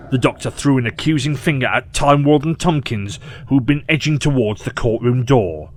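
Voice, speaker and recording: A man narrating an audio short story in a measured, expressive way. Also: medium pitch, no room sound.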